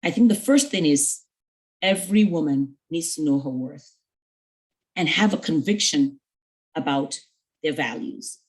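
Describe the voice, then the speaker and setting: Earnest woman mentor, lowish voice. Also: expressive, unhurried, pauses often, poor audio. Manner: earnest, storytelling with quoted dialogue; conversational with fillers. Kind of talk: mentoring talk to young women.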